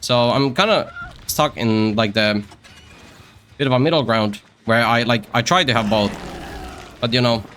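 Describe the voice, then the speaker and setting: A man's voice: medium pitch, unhurried, long pauses, a bit bright, slight background noise. A man streaming a game, rambling and joking to himself and the other players as he plays. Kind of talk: casual live-stream gameplay commentary.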